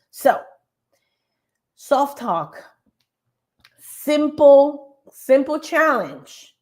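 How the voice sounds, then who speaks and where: A woman hosting a morning show, giving an emphatic, animated motivational talk over slides and speaking straight to her audience. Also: mid-range voice. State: tired.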